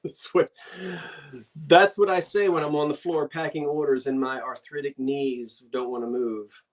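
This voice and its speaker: A woman's voice: very deep voice, fairly even intonation, normal speed. An older woman with a New Jersey accent, hosting a live online antiques sale in a chatty, rambling way, talking to herself and her viewers as she goes.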